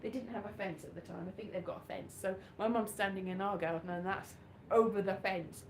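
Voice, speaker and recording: A woman's voice: mid-range voice, steady tone, fairly quick, slight background noise. A woman from Wales doing live stand-up with slides, in a rambling, chatty, self-mocking way. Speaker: stand-up comedian. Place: small venue. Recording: echoey live room.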